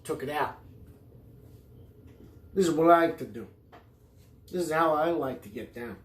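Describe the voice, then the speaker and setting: Slightly slow but animated, a man with a fairly high voice hosts a podcast, riffing through a profane, digressive comedy monologue. The sound is reverberant.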